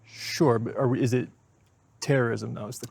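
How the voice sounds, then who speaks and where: Man, guest, thoughtful, measured, casual conversation. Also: medium pitch, steady tone, gravelly, darkish tone, breathy edge, no room sound. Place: outdoors on a college campus.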